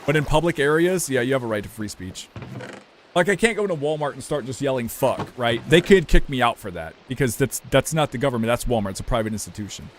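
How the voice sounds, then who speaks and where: A man's voice: medium pitch, expressive, quick pace, a little hiss or hum. Profane young man chatting on stream. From United States. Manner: rambling, loose and profane, talks to chat. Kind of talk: casual live-stream chat while gaming.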